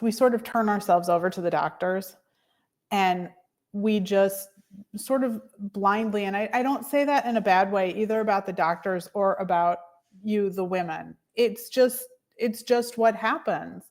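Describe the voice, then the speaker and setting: A woman working as a fertility coach, chatting as a podcast guest and telling her own story with lively quoted asides. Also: mid-range voice, normal speed. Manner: chatty storyteller, animated quoting of others. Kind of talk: casual interview conversation.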